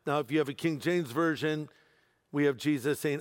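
Pastor preaching in a reverberant hall. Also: male voice, mid-range voice, a little fast. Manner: emphatic preaching with humorous asides. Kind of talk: sermon. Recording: long reverb of a large hall.

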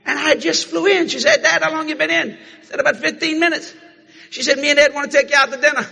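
An older man from the American South preaching a sermon, telling folksy family stories with frequent shouting and laughter. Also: very high voice, slightly rough, big-room sound.

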